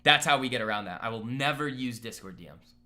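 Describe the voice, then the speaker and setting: Bright-voiced young man chatting on stream. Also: mid-range voice, expressive, fast. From Boston area. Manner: rambling, joking, reads live chat aloud. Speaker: trading stream host. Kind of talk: casual live-stream chat. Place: apartment room.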